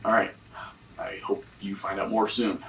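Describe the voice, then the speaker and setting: An actor playing a guarded, deep-voiced interrogated man. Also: little pitch movement, moderate pace, recorded from a distance, over loud music, close to an everyday voice, low-quality recording. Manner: evasive, bitter, swearing. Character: defensive, guarded young man under police interrogation. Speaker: man questioned by police in a mystery game.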